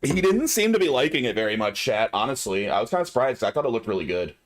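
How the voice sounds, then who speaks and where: A man's voice: medium pitch, big pitch swings, fast. A man streaming a video game, giving casual commentary and chatting aloud to his viewers. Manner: chatty, musing aloud to chat.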